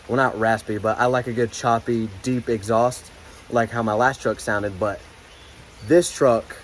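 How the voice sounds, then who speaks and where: A man's voice: mid-range voice, slight background noise. Laid-back man wrapping up a vlog. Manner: relaxed, rambling, many fillers and restarts. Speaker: car vlogger. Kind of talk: casual vlog outro.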